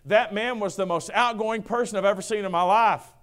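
A middle-aged male pastor preaching a sermon, booming then dropping to a hush, acting out quoted voices. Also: brisk, clean tone. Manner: swings from booming to hushed, acts out quotes.

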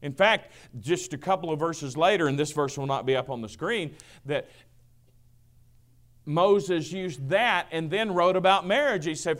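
Middle-aged man preaching, voice kinda high, goes big and loud then real quiet, plays out the quotes. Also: measured pace. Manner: swings from booming to hushed, acts out quotes. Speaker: pastor. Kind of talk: sermon.

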